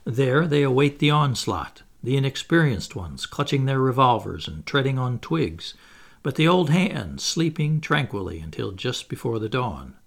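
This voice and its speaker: A man narrating a classic storybook in a measured, expressive reading. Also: medium pitch, gravelly. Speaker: audiobook narrator.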